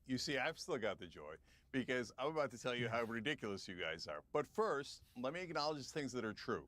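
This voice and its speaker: A man's voice: medium pitch, very animated, a little fast, fairly bright tone, no room sound. A man speaking as a political commentator guest in a heated televised debate, combative and scoffing, talking over the others.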